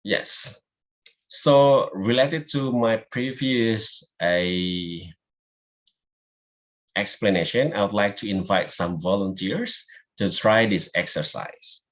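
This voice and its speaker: Guy teaching public speaking online, low voice, talks real slow, non-native english. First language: Indonesian. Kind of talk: online class presentation.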